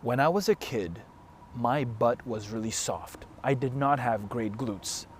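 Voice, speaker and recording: A man's voice: medium pitch, measured pace, slight background noise. A man giving an emphatic, blunt motivational talk straight to the camera as a fitness coach, with frequent swearing. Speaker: fitness and self-help coach.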